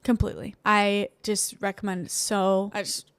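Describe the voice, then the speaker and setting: A young woman from the United States speaks in a chatty, confessional way, peppering her sentences with "like" and little laughs. Her pitch sits in the middle of the range. The sound is dry and close, with almost no room around it. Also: measured pace, dry recording. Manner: chatty, heavy use of "like", frequent laughs. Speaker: podcast host. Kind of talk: candid personal monologue.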